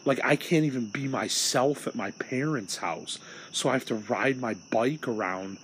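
A young man from Illinois rants alone into a podcast, rambling and swearing as he vents his frustrations. His voice sits at an ordinary pitch. Faint crickets chirp behind him. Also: normal speed, fairly bright tone, a little hiss or hum, low-quality recording. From Illinois, USA. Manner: rambling, profane, agitated venting. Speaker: podcast host. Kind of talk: solo rant podcast.

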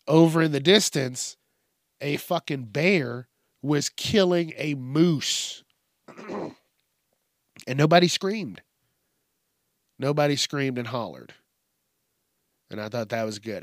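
A man's voice: slow pace, long pauses, no echo, clean studio sound. A man hosting a podcast who rants casually with lots of swearing and talks in a groggy early-morning voice. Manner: profane, animated, mimics people in high yelps. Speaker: podcast host. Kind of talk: casual solo rant.

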